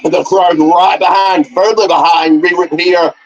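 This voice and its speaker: A man with a fairly high voice calls a wrestling match in mock play-by-play. He jokes and slips parody plugs into his announcer patter. The recording sounds a little dull. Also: fairly even intonation, moderate pace. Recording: slightly muffled recording.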